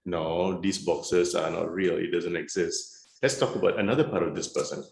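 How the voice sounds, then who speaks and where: A man's voice: low-pitched, normal speed, creaky, echoey room. A man speaking frankly with dry humour as a guest on a video-call panel. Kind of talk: conversational panel talk.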